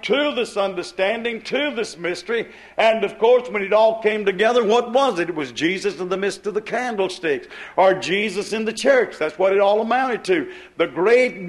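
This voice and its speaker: A man's voice: high voice, fairly bright tone. A man preaching a sermon in an emphatic, repetitive cadence, often asking and answering his own questions.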